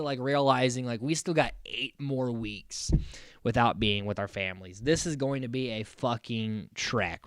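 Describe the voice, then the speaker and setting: American guy podcasting, bright crisp voice, dry close sound, does little voices for people. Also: medium pitch, no echo. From United States. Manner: animated, acts out quotes from the cast; swears casually, frequent fillers. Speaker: podcast host. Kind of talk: casual recap commentary.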